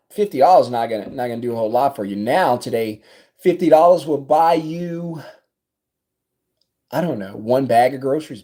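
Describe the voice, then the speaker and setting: A man in his thirties with a South Louisiana accent, a business coach telling a story to camera in his office in an animated, conversational way. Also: mid-range voice. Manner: animated, conversational, acts out dialogue.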